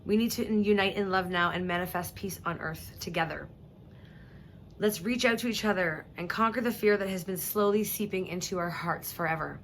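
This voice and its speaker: A woman speaking earnestly and emotionally to her viewers, halting now and then and clearing her throat, close to tears. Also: on the low side, a little hiss or hum. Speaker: vlogger. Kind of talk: emotional personal address to viewers.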